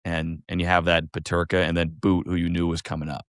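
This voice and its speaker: A man with a fairly low voice talks hockey in a loose, friendly podcast chat. He restarts his phrases and chuckles along the way. The sound is dry and close, with no room echo. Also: completely flat delivery, quick pace. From Indiana. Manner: chatty, laughs easily, repeats words. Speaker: podcast co-host. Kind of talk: casual sports talk.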